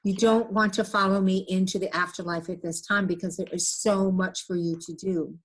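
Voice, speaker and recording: A woman speaking earnestly and gently, relaying messages in a casual conversation. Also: mid-range voice, fairly even intonation, normal speed. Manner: earnest, gentle, relays words with many "he says". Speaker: medium.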